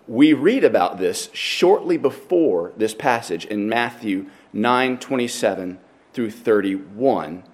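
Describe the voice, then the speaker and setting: A pastor preaching a sermon, working through scripture passage by passage and growing more animated as he tells a story, sometimes restarting his sentences. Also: lowish voice, slow. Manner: expository, animated when telling stories.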